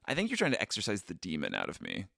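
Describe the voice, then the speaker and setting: Man, podcast co-host, playful, crisp bright tone, dry close sound. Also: low voice, huge pitch swings, fast talker, dry recording. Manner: joking and playful. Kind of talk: casual podcast chat.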